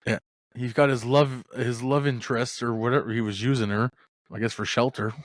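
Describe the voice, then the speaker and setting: A man's voice: mid-range voice, fairly even intonation, a little fast, dry recording, clean studio sound. A man hosting a casual movie-review podcast, rambling and swearing as he retells scenes. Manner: rambling, swearing, acts out lines with laughs. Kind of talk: casual chat.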